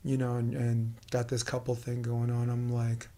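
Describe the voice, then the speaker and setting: A middle-aged man with a New York accent, hosting a casual interview and talking fast and animatedly. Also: mid-range voice, completely flat delivery, warm tone. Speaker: podcast host.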